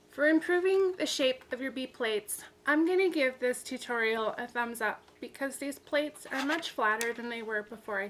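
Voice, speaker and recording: A woman's voice: on the high side, fairly bright tone, slight background noise. A woman hosting a crafting video, demonstrating and explaining in a practical, plain-spoken way with some fillers. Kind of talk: casual demonstration tutorial.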